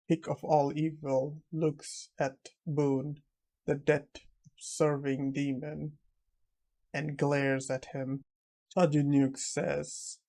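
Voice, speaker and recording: A man narrating a comic recap in a measured, monotone reading. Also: medium pitch, creaky.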